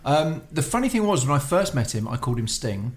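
A man's voice: mid-range voice, very animated, fairly quick. Man chatting on a podcast. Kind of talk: casual podcast chat.

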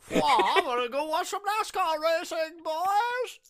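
British guy doing a squeaky american cowboy, loud and hollery, super bright. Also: animated, takes it slowly, heavily acted. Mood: whooping. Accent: put-on American. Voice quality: high, squeaky.

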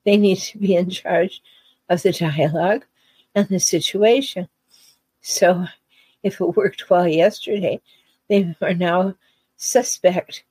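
A woman's voice: medium pitch, steady tone, dark tone, husky, dry recording, low-quality recording. A woman giving earnest relationship advice, talking unhurriedly and repeating key phrases for emphasis. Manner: unhurried with deliberate pauses. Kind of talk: solo advice talk.

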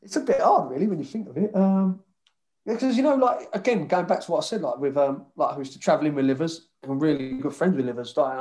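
A man, a former footballer, telling stories in a loose, swearing, banter-filled chat as a guest. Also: medium pitch. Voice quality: swears freely, lively banter. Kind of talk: casual storytelling chat.

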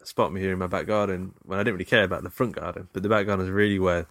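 A man's voice: deep voice, level tone, racing, fairly bright tone, no echo, studio quality. A British man recapping a film in casual chat, rambling with laughs and fillers. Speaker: podcast co-host.

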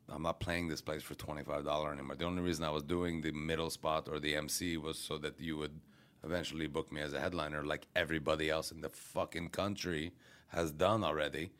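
Low-voiced male comic, casual podcast storyteller, swears freely, restarts sentences. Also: level tone, brisk, fairly bright tone, smooth. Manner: rambling, profane, self-interrupting. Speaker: comedian. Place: radio studio.

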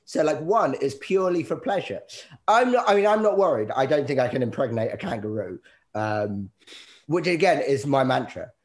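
A man's voice: mid-range voice, animated, moderate pace. A man hosting a comedy podcast in casual chat, playful and often laughing. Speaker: podcast host.

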